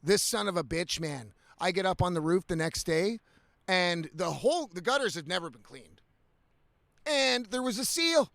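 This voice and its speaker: High-voiced man ranting, swearing. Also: normal speed, gravelly, dry recording. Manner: profane, animated ranting with laughs. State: slightly intoxicated. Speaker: vlogger. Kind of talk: casual ranting vlog.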